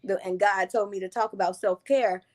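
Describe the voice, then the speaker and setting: A woman's voice: mid-range voice, steady tone, normal speed. A woman hosting a podcast, talking casually and earnestly about faith and self-care. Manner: earnest, spiritual, affirming murmurs. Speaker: podcast host. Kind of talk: casual conversation.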